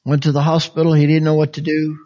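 A man preaching a sermon in a conversational, folksy way, with frequent chuckles and big swings between high, lively phrases and soft, quiet ones. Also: fast talker. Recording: dull lo-fi sound.

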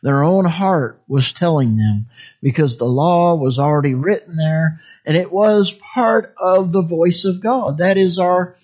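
A man preaching a sermon in a conversational, folksy way, with frequent chuckles and big swings between high, lively phrases and soft, quiet ones. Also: unhurried. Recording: dull lo-fi sound.

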